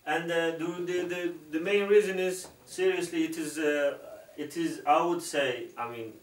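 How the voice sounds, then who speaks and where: A male Islamic instructor explaining to an interviewer, halting with many fillers and often checking understanding with "okay?". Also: fairly high pitch, fairly even intonation. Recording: roomy, distant mic.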